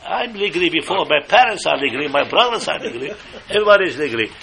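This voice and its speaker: An older man from Morocco, giving an animated, emphatic storytelling sermon and slipping Hebrew phrases into his English. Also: fairly high pitch, very fast, gravelly, slight background noise. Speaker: speaker giving a religious talk.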